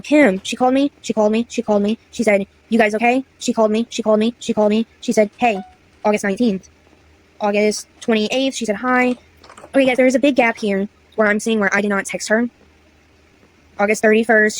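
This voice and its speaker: A woman's voice: a little high, rough recording. Exasperated young woman telling a story. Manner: chatty, exasperated, slangy asides. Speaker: content creator. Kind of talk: story time, reading old text messages aloud.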